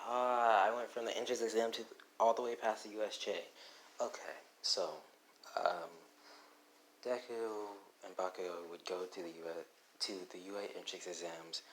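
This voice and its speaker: A young man with a fairly low, fairly bright voice casually retells his own fan fiction into a home microphone without headphones. He rambles offhandedly and cuts himself off mid-sentence, and the poor audio carries faint background noise.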